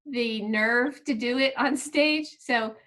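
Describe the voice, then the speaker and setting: A woman, a guest comedian, telling quick stories in a casual video-call chat. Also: on the high side, fairly bright tone.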